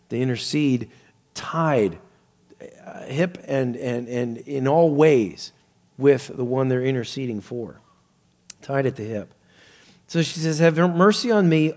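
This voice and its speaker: A middle-aged man preaching a sermon, animated and rising to near-shouts when he quotes people. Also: medium pitch.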